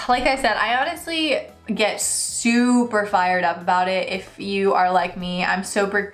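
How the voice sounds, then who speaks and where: Animated ranting woman in an echoey room. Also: medium pitch. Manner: animated, ranting, acts out quotes in mock voices. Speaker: freelance writer vlogger. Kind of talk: casual storytime rant. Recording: echoey room with faint music.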